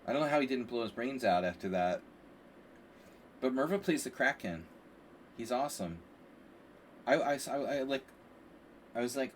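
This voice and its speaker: Rambling chess coach, distant mic. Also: male voice, mid-range voice, normal speed, long pauses. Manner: rambling and animated, frequent "like" and "you know". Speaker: chess coach streaming a lesson. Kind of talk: casual live-stream commentary. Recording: distant mic with faint background hiss.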